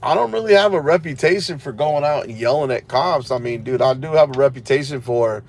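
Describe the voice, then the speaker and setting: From the seat of his parked car, a tired cop-watch vlogger chats casually with his viewers, rambling along with sarcastic remarks. He has a mid-range voice, lively intonation, and a brisk pace.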